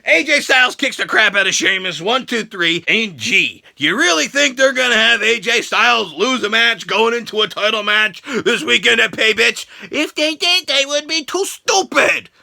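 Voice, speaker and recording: Bright-voiced ranting man. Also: very high voice, expressive, moderate pace, creaky, few pauses. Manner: crude, mocking, bursts into shouts and laughs. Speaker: wrestling show reviewer. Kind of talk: ranting comedic review. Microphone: handheld camera.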